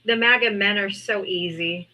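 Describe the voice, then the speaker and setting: A woman's voice: mid-range voice, moderate pace, sharp tone, low-quality recording. A woman hosting a live political debate stream, talking in a brash, mocking, profane way.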